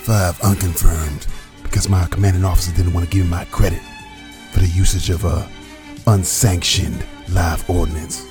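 A man voicing a gruff, boastful male army veteran in a comedy skit that parodies a safety ad. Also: low-pitched, fairly even intonation, normal speed, over music, close to an everyday voice. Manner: gravelly drill-sergeant bravado, crude war stories.

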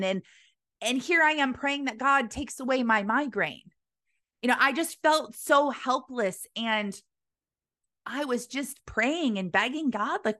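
A woman with a fairly high voice delivers a motivational Christian sermon. She speaks earnestly and urgently, exhorting her listeners directly. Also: expressive, a little slow, pushed and bright.

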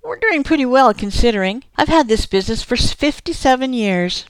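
A woman's voice: fairly high pitch, lively intonation, fairly quick, clean tone, no room sound, pitched above the performer's own voice, lightly acted. A woman reading the lines of a folksy, chatty elderly male whiskey distiller in an audiobook. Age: older.

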